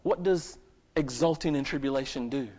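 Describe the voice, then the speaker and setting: A man preaching a live sermon at a church service, swinging between loud emphatic bursts and quiet asides and asking the congregation questions. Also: mid-range voice, moderate pace. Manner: asks the congregation rhetorical questions. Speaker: pastor. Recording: lo-fi dull recording.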